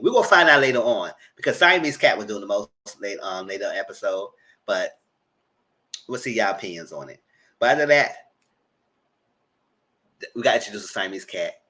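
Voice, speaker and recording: New guy recapping reality tv, bright voice, goes high and squeaky when he quotes folks. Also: brisk, long pauses. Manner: chatty, animated, mock-quotes people in a high voice. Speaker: TV recap host. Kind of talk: casual TV recap commentary.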